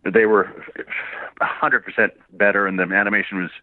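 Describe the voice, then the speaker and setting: An older man tells stories in a loose, rambling way, laughing and cursing as he goes. His voice tires fast. The sound is thin and boxed in, like a phone call with no room around it. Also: lowish voice, steady tone, no echo. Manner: rambling, laughing, swears freely. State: gets hoarse quickly. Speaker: voice actor interviewee. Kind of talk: casual phone interview. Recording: tinny phone-line sound, dry.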